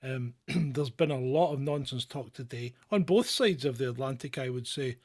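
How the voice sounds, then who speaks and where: A man's voice: medium pitch, moderate pace, darkish tone. Chatty joking male political show host. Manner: chatty, joking, with frequent fillers and restarts. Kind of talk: casual political commentary.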